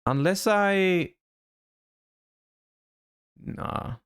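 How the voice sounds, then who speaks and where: Slow, thinking-aloud male streamer. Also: sits high, clear, resonant tone, no echo, clean studio sound. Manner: thinking aloud, with sudden excited outbursts. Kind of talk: live-stream gameplay commentary.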